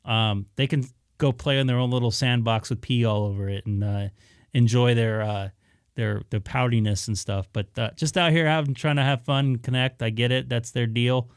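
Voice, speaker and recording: Easygoing male streamer, mid-pitched, crisp clear voice, rambling talk to his viewers. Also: steady tone, moderate pace, no echo, studio quality. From Southern California. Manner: rambling, many "uh" fillers, easygoing. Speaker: ham radio live streamer. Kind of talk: casual live-stream chat to viewers.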